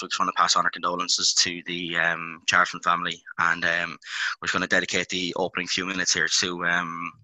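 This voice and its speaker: Irish guy in his 20s hosting a podcast, lowish voice, really bright tone, lots of ums. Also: dry recording, poor audio. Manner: rambling, lots of ums and uhs. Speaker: podcast host. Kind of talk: casual sports podcast chat.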